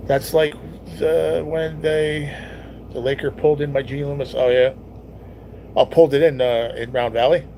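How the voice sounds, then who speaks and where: A man's voice: a little high, steady tone, moderate pace, mellow, slight background noise. A young man hosting a casual live stream at home, reading viewer comments and chatting in a laid-back, teasing way with plenty of swearing.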